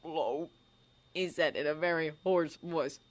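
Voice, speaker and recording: A woman narrating a fan-written story in an expressive, audiobook reading style. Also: on the low side, moderate pace. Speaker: fanfiction reader.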